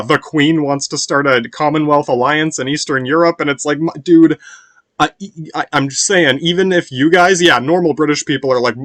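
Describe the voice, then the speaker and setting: A man's voice: mid-range voice, fairly bright tone, dry recording. A man in a rambling, casual monologue as a podcast host, swearing often and restarting his sentences. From United States. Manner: rambling, profane, sprinkled with "yeah" and restarts.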